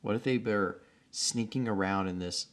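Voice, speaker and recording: A man's voice: on the low side, moderate pace. A man co-hosting a podcast, chatting casually and laughing as he retells film scenes. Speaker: podcast co-host. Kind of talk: casual chat.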